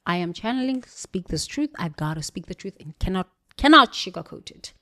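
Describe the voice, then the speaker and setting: A woman with a British accent giving an emphatic spiritual motivational monologue, preachy, with sudden jumps in pitch and volume. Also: animated, fairly quick, sharp tone. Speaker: motivational speaker.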